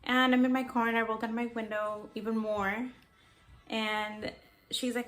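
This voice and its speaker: A woman's voice: fairly high pitch, little pitch movement, moderate pace, a bit bright. A young woman artist chatting casually to camera in a rambling way, telling a personal story and drifting off topic. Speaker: artist vlogger.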